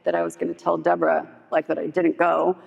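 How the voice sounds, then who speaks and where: A woman's voice: on the low side, completely flat delivery, fast talker, vocal fry, husky. Woman, chatty candid testimony, long hall echo, muffled lo-fi sound. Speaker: speaker at a recovery meeting. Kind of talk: personal testimony. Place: meeting hall. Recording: echoey hall, dull lo-fi sound.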